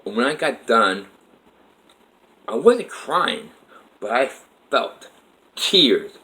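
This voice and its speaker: A man's voice: mid-range voice, big pitch swings, extremely slow, bright, forceful tone, rough recording. A man vlogging about his life in a meandering, earnest monologue with frequent swearing. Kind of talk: rambling personal monologue.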